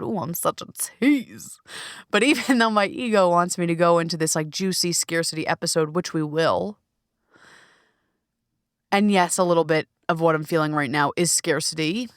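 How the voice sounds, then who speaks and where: A woman's voice: on the low side, clear, resonant tone, dry recording, clean studio sound. Candid, profane woman podcast host. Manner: candid, profane, emphatic and expressive. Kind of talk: solo podcast monologue. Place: small recording closet.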